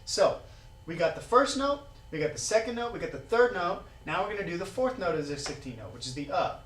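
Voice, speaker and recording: A man's voice: sits high, fairly quick. Man counting drum beats in echoey room. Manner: counts beats aloud, relaxed and plainspoken. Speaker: drum teacher. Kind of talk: casual instructional talk. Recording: roomy, distant mic with drumming.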